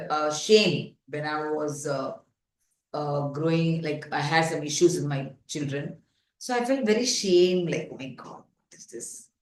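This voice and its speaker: A woman parenting coach leading a workshop, talking in an earnest, instructive way with many fillers, self-corrections and questions like "got it?". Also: sits low. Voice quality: frequent fillers and self-corrections, rhetorical check-ins. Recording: echoey room.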